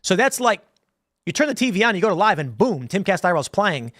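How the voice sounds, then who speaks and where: Talkative male host, higher voice. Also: big pitch swings, fast talker, a bit bright, no echo, clean studio sound. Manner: rambling, conversational, with many restarts and acted-out quotes. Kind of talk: casual commentary reading viewer questions.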